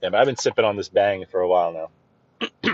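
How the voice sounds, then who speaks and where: A man with a New York accent chatting to viewers while driving, greeting them by name and often clearing his throat. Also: low voice, a little fast, a little mellow, no room sound, muffled recording. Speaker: livestream host driving. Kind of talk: casual live-stream chat while driving. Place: inside a car on city streets.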